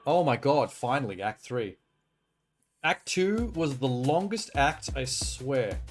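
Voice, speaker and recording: A man live-streaming a video game, commentating excitably, swearing often and joking about what happens on screen. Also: mid-range voice, a little slow, faint music behind.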